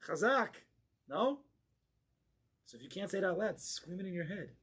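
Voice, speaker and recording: A man, a rabbi, giving an impassioned Torah class in a congregation hall, moving between quiet asides and forceful exclamations. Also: sits high, animated, racing, breathy edge. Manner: fervent and emphatic, swings from hushed asides to forceful exclamations.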